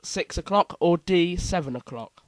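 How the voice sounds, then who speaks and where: A man's voice: high-pitched, lively intonation, measured pace, no echo, low-quality recording. A man hosting a casual quiz, reading out multiple-choice options with playful asides. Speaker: quiz host.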